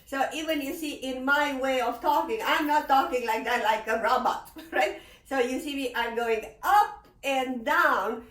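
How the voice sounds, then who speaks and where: A woman teaches piano, explaining the lesson slowly and expressively, singing phrases and laughing often. Her high voice is recorded from a distance, slightly off-mic, with a roomy echo and piano playing in the background.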